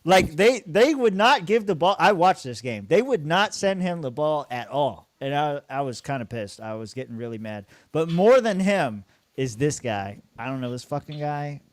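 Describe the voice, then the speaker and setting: A man's voice: medium pitch, animated, moderate pace, dry recording. A young man co-hosting a podcast, rambling casually about his fantasy football team, swearing freely and laughing often. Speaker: podcast co-host.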